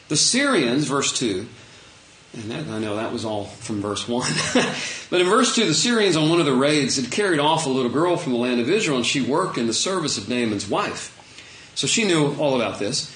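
A man's voice: a little high, a bit bright, roomy sound, rough recording. A man preaching a conversational sermon, retelling a Bible story with casual asides. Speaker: pastor.

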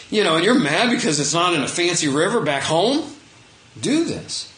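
A man's voice: on the high side, expressive, normal speed, bright, forceful tone, echoey room, poor audio. A man preaching a conversational sermon, retelling a Bible story with casual asides. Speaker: pastor.

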